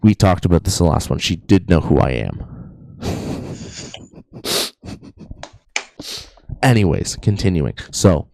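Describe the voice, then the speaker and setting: A man's voice: deep voice, animated, slow pace, vocal fry, long pauses, darkish tone, no room sound. A young man co-hosting a podcast, telling a story in a joking, rambling way and often saying "anyways". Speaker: podcast co-host. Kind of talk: casual storytelling chat.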